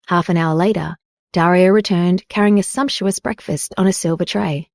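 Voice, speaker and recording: A woman reading a romance audiobook as narrator, in an even, unhurried way. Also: on the low side, creaky, dry recording, clean studio sound. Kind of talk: scripted narration.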